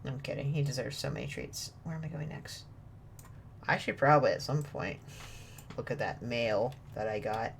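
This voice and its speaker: A woman with a low voice streams a game from her desk at home. She jokes with viewers and talks to her dog, her pitch swinging widely as she laughs. A faint hum sits behind her. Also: lively intonation, moderate pace, vocal fry. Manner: giggly, joking, chatty with viewers and her dog. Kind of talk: casual gaming stream chat. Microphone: desk mic with webcam.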